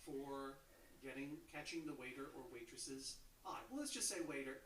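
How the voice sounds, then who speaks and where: A man's voice: medium pitch, moderate pace, very noisy. A man hosting a comedic interview, mock-formal, with lots of stammered restarts. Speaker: host. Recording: echoey playback from far off.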